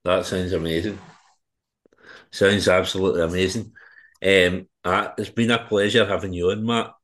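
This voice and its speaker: A man's voice: deep voice, steady tone, moderate pace, a bit bright. A man hosting a podcast, asking loose questions full of fillers. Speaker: podcast host. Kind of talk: casual interview.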